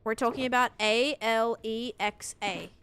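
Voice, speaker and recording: A woman's voice: steady tone, a little slow, fairly bright tone, clean tone, faint music behind. A young woman chatting casually on a live game stream, reading chat aloud and talking as she builds. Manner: chatty, reads chat aloud, mimics a voice assistant in a higher voice. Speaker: livestream gamer.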